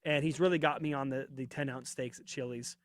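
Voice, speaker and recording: A man's voice: medium pitch, steady tone, brisk, dry recording, studio quality. A man hosting a live wrestling watch-party podcast, chatting casually and rambling while reading out viewer comments, his voice getting worn. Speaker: podcast host. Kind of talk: casual live-stream chat.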